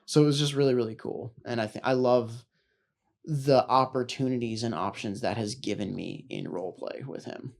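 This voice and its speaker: A man's voice: medium pitch, normal speed, vocal fry. A young man co-hosting a podcast, chatting loosely about his tabletop character, with lots of fillers and casual swearing. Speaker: podcast co-host, tabletop player.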